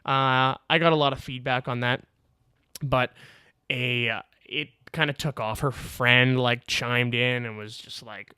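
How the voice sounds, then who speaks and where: A man's voice: mid-range voice, steady tone, unhurried, pushed and bright, smooth, dry recording, studio quality. A man hosting his own podcast, telling a story casually and with energy, swearing freely and laughing as he talks, recorded on a video camera on a tripod. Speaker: podcast host.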